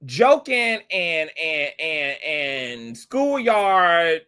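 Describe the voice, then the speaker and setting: A man hosting a gossip commentary show, sassy, profane and animated as he reacts to a clip. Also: fairly high pitch, drawn-out words, smooth. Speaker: commentary channel host.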